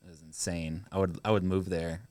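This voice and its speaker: Laid-back low-voiced man chatting on a podcast. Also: little pitch movement, fairly quick, darkish tone, dry recording. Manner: loose, rambling, laughs often. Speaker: podcast participant. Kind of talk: casual podcast chat. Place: podcast studio. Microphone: studio microphone and headphones.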